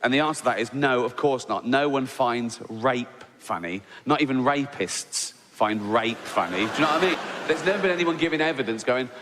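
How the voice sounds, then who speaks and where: A middle-aged English man doing an animated stand-up routine, acting out voices and checking in with "right?" asides. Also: medium pitch, fairly quick. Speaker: stand-up comedian. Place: large venue with audience. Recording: live stage recording with hall reverb and audience noise.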